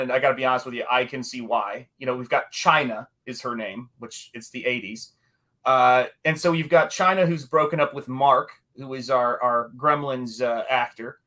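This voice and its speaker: A man's voice: medium pitch, sharp tone. A man co-hosting a casual horror film discussion, talking it through analytically and acting out lines from scenes. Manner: chatty, analytical, acts out quoted lines. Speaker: co-host.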